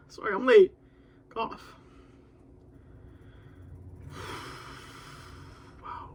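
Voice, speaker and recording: A man doing a live reaction while reading a comic chapter aloud, excitable and exclaiming, with some swearing. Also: very high voice, unhurried, slightly rough. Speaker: manga reactor.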